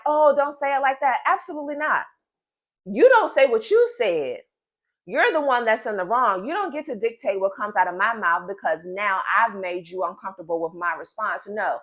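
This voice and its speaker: A pregnant woman in her thirties talks to camera in a casual vlog, her voice sitting at an ordinary middle pitch. She vents with emphatic, animated energy and speaks straight to her viewers as if they were friends. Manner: emphatic and animated, addresses viewers as "y'all" and "girl". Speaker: vlogger.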